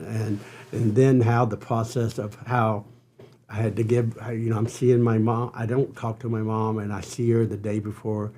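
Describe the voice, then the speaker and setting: An older man, a podcast guest, telling an earnest personal story with halting restarts. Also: lowish voice, darkish tone, a little hiss or hum. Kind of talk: storytelling interview.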